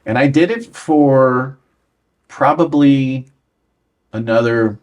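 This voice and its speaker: A man's voice: medium pitch, slow, dull audio. A man in his sixties, a guest on an interview show, tells stories from his career and acts out the dialogue. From United States. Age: 60s. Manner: anecdotal, acts out quoted dialogue. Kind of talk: storytelling interview.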